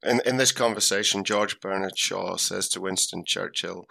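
A man's voice: sits low, moderate pace, creaky, hardly any pauses, pushed and bright. A man hosting a comic podcast in a casual chat, reading listener letters aloud and chuckling now and then. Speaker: podcast host.

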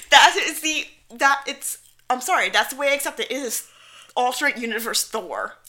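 A woman's voice: high voice, lively intonation, moderate pace, pushed and bright. A woman co-hosting a podcast, chatting playfully, giggling and acting out quotes while recapping a show. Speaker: podcast co-host. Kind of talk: casual chat recapping a show.

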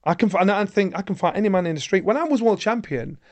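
A middle-aged man, the guest in an interview, telling stories in a lively way and acting out the voices of others. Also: high voice, fast. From England. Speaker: guest, former boxer. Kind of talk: animated anecdote telling.

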